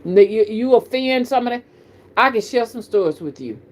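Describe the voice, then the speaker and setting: A woman's voice: fairly high pitch, normal speed. A middle-aged woman from the American South with a Southern accent, a spiritual reader chatting casually to her live-stream viewers in a folksy way. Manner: folksy, animated, addresses viewers as y'all. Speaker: spiritual reader and channel host.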